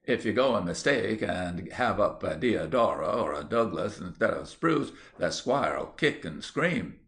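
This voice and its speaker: A man's voice: low voice, very animated, unhurried, a bit bright, exaggerated voice. A man voicing a good-natured young country lad who chats in broad rustic dialect. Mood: hearty.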